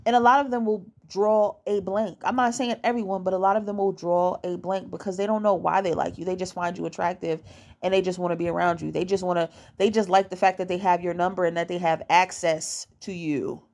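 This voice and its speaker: A woman's voice: lowish voice, steady tone, brisk, darkish tone. Blunt, profane young woman repeating points for emphasis. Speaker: dating advice vlogger. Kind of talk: casual monologue to camera.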